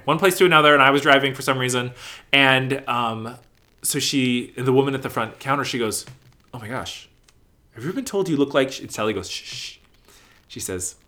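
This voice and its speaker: A man talking casually in an interview about his work in theater company management, animated and gushing, acting out what people said. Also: medium pitch. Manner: animated, gushing storyteller who acts out quotes.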